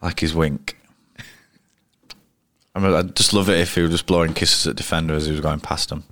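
A man's voice: a bass voice, steady tone, brisk, fairly bright tone, no echo. A man with a Yorkshire accent, a cricketer as interview guest, telling rambling, blunt stories full of restarts. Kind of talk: casual interview storytelling. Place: pub.

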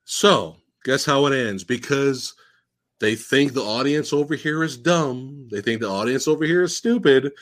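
Animated, profane male podcast host. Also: medium pitch, slow pace. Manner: animated, profane, mocking plot retelling. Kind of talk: casual podcast film discussion.

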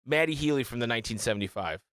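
A man's voice: medium pitch, racing, clean tone, dry recording, studio quality. A man hosting a podcast in casual chat, joking and swearing as he talks. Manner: animated, swearing, mimics singers. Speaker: podcast host.

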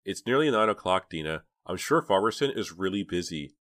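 A quick-thinking teenage girl, put on by a man, who gives orders in a brisk, urgent way. Her voice sits well above his deep own register. The sound is close and dry. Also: expressive, a bit bright, no room sound. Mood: steady.

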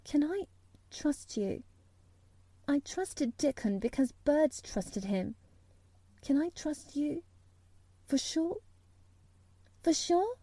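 A woman's voice: high-pitched, expressive, unhurried, mellow, dry recording, pitched above the performer's own voice. A woman voicing a stubborn, frank young girl in a storybook reading, with an earnest, blunt manner. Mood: pleading.

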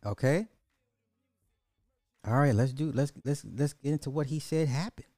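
A man hosting a casual livestream, reading chat questions in an animated, slangy way with lots of repetition and swearing. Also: mid-range voice, moderate pace, no room sound, studio quality.

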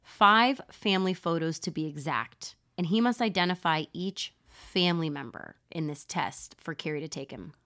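A woman with a somewhat low voice narrates a true crime story for her podcast co-host. She talks loosely and conversationally, dropping profanity and laughing along the way. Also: normal speed, few pauses, fairly bright tone. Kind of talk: casual storytelling chat.

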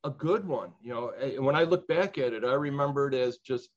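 Older man telling his life story, slightly muffled. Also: medium pitch. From Chicago. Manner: earnest, reflective, with many pauses and restarts. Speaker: interviewee. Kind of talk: personal storytelling interview. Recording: slightly dull lo-fi sound.

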